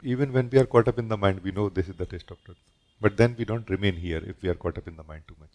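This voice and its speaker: Man, spiritual teacher, satsang talk, gentle, reflective, lowish voice. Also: fast talker. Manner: gentle, reflective, often ends sentences with a questioning "no?".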